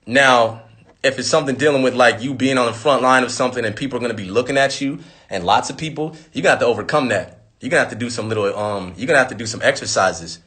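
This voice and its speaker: Man, 30s, bright edgy voice, profane animated storyteller on a phone livestream. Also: mid-range voice, fast. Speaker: rapper on a live stream. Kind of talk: casual livestream talk. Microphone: phone on a live stream.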